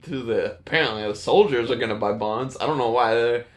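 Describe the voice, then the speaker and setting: A man's voice: medium pitch, brisk, echoey room. A man giving a casual, laughing recap of a movie's plot, slipping into goofy voices for the characters.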